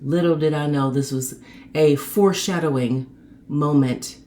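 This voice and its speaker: A woman hosting her own show, telling a personal story in a chatty, animated way and acting out the people in it. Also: a little slow, slight background noise. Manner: animated, acts out quoted people with sharp pitch jumps; chatty and conversational. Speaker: host.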